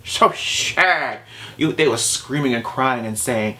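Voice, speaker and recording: A man's voice: mid-range voice, a little slow, sharp tone, a little hiss or hum. Passionate man in a vlog rant. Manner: passionate, exasperated, lots of rhetorical questions. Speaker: vlogger.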